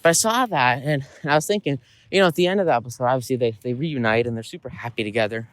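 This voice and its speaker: Speaking very fast in a medium-pitched, fairly bright voice with no room sound, a man hosting a podcast tells a story as a casual monologue. It's loose and rambling, full of fillers and "right?" tag questions.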